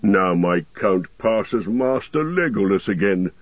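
A man voicing a fierce, battle-hungry male dwarf warrior with gruff, bellowing war cries, over a tinny radio-like sound. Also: on the low side, animated, slow pace, no room sound.

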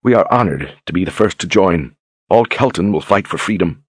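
A seductive duchess who purrs her words in a soft, husky half-whisper, slow and coy, as a man voices her in an audiobook. The voice stays breathy and intimate. It sounds close and dry. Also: expressive, no echo. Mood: eager. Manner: low murmuring, coy and slow. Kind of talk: audiobook character reading.

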